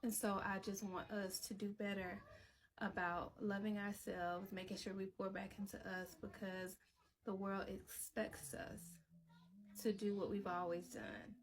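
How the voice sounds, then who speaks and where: Woman commentary host, level and flat, earnest and measured with hesitations. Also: medium pitch, a little hiss or hum. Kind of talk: reaction commentary.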